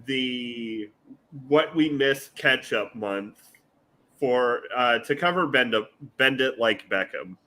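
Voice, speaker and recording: A man's voice: mid-range voice, lively intonation, slow pace, pushed and bright, low-quality recording. A man hosting a podcast in casual chat, hesitant, with many fillers and restarts. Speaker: podcast host.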